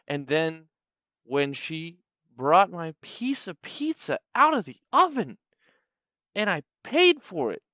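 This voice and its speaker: A man telling a comedic personal story in an animated, sarcastic, playful way. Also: on the high side, dry recording.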